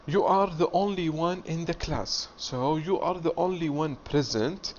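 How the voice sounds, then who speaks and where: A man teaching an English reading lesson, explaining slowly and repeating himself step by step. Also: fairly high pitch. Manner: slow, repetitive, explaining step by step. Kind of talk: classroom video lesson. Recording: dull lo-fi audio with faint hiss.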